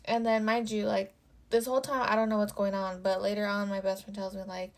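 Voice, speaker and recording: A woman's voice: mid-range voice, level tone, a little fast. A young woman telling a personal story in a casual vlog, swearing and filling her speech with "like.". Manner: casual and profane, with constant "like" fillers. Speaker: storytime vlogger.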